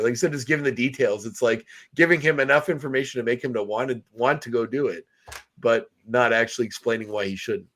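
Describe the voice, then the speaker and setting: A man's voice: medium pitch, quick pace, a bit bright. A man hosting a podcast, casually recapping a film with many fillers and restarts. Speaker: podcast host. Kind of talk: casual movie review chat.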